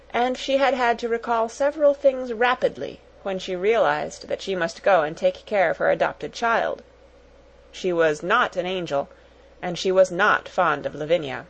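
A woman narrating a children's storybook aloud in a measured, even-paced way. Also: fairly low pitch, gravelly, muffled recording. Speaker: audiobook narrator. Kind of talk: storybook reading.

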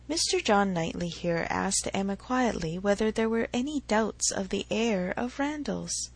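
A woman narrating a classic novel in a measured, even reading voice. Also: medium pitch, breathy edge, dry recording, low-quality recording. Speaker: audiobook narrator.

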